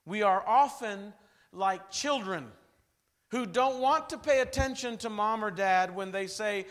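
A man preaching a revival sermon, telling stories dramatically and swinging from loud bursts to hushed lines. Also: sits high, unhurried.

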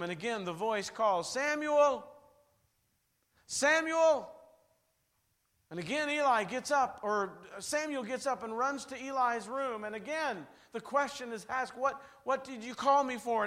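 A man preaching a revival sermon, telling stories dramatically and swinging from loud bursts to hushed lines. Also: very high voice, normal speed, hardly any pauses.

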